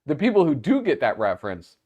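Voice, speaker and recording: A man's voice: fairly high pitch, wildly swooping pitch, fairly quick, darkish tone. A man with a Minnesota accent, hosting a podcast in casual, laughing banter. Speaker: podcast host. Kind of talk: casual chat.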